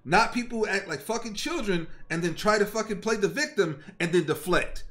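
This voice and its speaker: A man's voice: high-pitched, a little fast, a bit bright. A young man streamer angrily retelling an argument to his chat, heated and profane, quoting both sides of the exchange. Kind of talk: angry ranting story to stream chat.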